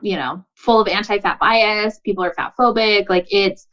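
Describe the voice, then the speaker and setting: A woman's voice: medium pitch, normal speed, fairly bright tone. Woman, podcast guest, casual advice giver; earnest, chatty, acts out dialogue; slightly muffled audio. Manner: earnest, uses many likes and you knows, acts out quoted dialogue. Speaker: podcast guest, boundaries coach.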